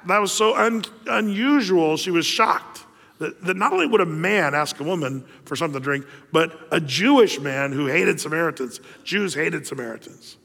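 Pastor, somewhat high-voiced man, casual storytelling sermon full of fillers, long hall reverb. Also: fairly bright tone. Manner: conversational, storytelling, many fillers and restarts.

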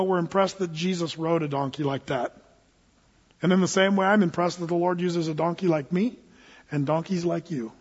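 A man's voice: sits high, husky. A man preaching a sermon, earnest and folksy in manner. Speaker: pastor. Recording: dull, echoey church hall recording.

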